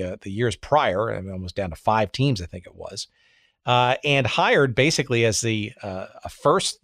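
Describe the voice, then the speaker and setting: Male podcast host, mid-pitched, chatty and halting, close mic, dry room. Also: no echo. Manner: chatty, hesitant, many fillers. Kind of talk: casual podcast introduction.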